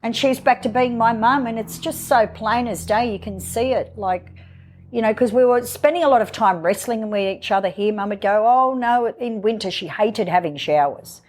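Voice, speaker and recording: A woman, a guest in her own home, telling a personal story in an emotional, halting way with many fillers. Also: a little high, a little mellow, slight background noise. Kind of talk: candid personal interview.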